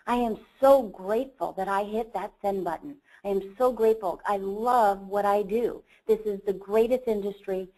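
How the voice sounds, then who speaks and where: A woman speaks in a webinar, telling a personal story with earnest enthusiasm. Her voice is of middling pitch for a woman, and she talks like a presenter speaking to an audience she is trying to inspire. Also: dark tone, low-quality recording. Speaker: company CEO presenter.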